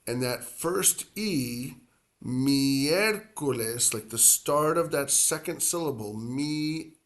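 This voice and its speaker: Slow, rambling male Spanish teacher. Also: fairly high pitch, lively intonation, a bit bright. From grew up near the Atlantic coast. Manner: rambling, filler-heavy explaining, drawn-out repeated Spanish words. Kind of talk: language lesson.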